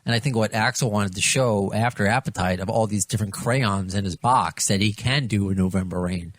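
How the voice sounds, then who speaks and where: A man hosting a podcast interview, asking questions in a halting way with many restarts. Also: lowish voice. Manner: hesitant, many restarts, laughs along. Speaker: podcast host. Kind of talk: casual interview.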